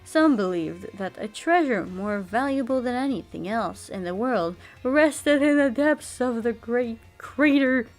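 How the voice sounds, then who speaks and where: A woman's voice: fairly high pitch, animated, measured pace, few pauses, soft background music. A woman voicing a prim, pompous history teacher in a stilted made-up accent. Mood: lecturing.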